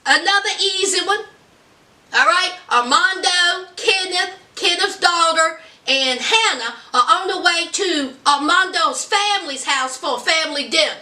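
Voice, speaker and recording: Brief: sassy woman vlogger, very high and bright voice, echoey room, distant mic. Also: a little slow. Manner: sassy, chatty, colloquial. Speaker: reality TV recap vlogger. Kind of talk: casual recap commentary.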